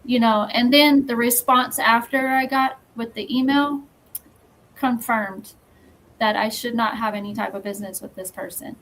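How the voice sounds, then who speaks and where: A woman talking as a podcast guest, telling a story in a measured, firm way with pauses. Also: on the high side, steady tone, a bit bright, poor audio. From Texas. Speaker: podcast guest, magazine founder. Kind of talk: casual interview chat.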